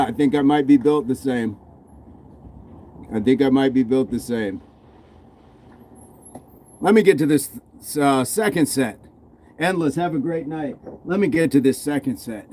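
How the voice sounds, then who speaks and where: Slightly high in pitch and mellow, the voice of this American man moves at a measured pace with frequent pauses, over slight background noise. He's casually hosting a fitness livestream, working out and fielding viewers' questions between sets.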